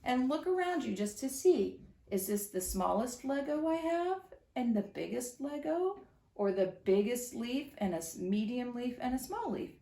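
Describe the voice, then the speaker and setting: A woman reading a story to young children at home, animated and sing-song, often asking her listeners questions. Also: a little high, moderate pace, vocal fry. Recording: echoey room.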